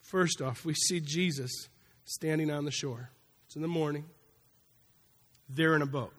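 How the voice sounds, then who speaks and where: A man's voice: fairly high pitch, a little slow, fairly bright tone. A man preaching a sermon in a conversational, folksy way, acting out little asides as he goes. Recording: long hall reverb.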